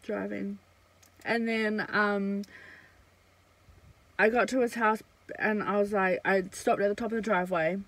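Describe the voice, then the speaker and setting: A young woman vlogging a casual storytime, chatty and blunt, swearing freely and filling pauses with "um" and "like". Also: medium pitch, fairly even intonation, fairly bright tone, poor audio.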